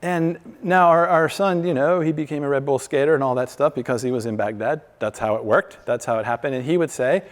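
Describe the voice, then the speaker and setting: Male speaker, mid-pitched, conversational faith talk with acted-out quotes; long hall reverb. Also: brisk. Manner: conversational storyteller, acts out quoted dialogue. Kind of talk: faith-based talk to a live audience.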